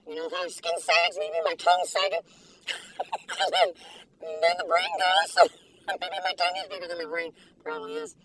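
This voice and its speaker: Gushing older woman with a gravelly, lively voice. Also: very high voice, normal speed, recorded from a distance, poor audio. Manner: gushing, giggly, exclamatory. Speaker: food reviewer. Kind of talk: casual video review. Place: inside a parked car.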